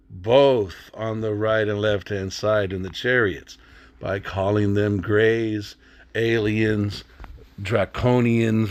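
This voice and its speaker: A man leads a scripture lesson, reading passages aloud and stopping to comment. He is emphatic and blunt, poses rhetorical questions to his listeners, and now and then slips into swearing. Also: fairly low pitch. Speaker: Bible teacher.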